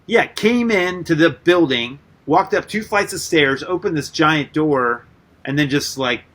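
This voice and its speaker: A man with a somewhat high voice spins loose, animated stories as an interview guest, peppering them with "like" and casual swearing. His tone is bright and forceful, and he keeps a chatty, tumbling storytelling rhythm. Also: unhurried. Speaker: guest artist and musician.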